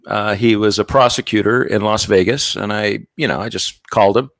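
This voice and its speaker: A man's voice: fairly low pitch, steady tone, moderate pace, a bit bright, no room sound. A man casually telling a personal story, candid and self-deprecating, joking as he goes.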